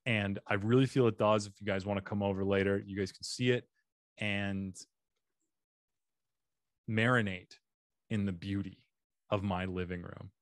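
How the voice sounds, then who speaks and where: Young guy from arizona doing a goofy podcast intro, kinda low voice, dead dry mic. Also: no echo. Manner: playful, jokey, swoops into high silly voices. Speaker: podcast host. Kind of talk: solo podcast intro monologue. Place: home studio with bare walls.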